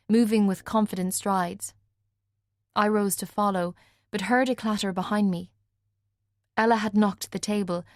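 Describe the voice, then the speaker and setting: A woman narrating a first-person audiobook in a measured way, lightly voicing the other characters. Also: mid-range voice, no echo. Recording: dry studio recording.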